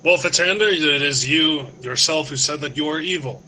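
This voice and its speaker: A man's voice: a little high, normal speed, pushed and bright, low-quality recording. A man playing a tabletop game, giving earnest, mock-heroic speeches as his hero. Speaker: player. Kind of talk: tabletop role-play.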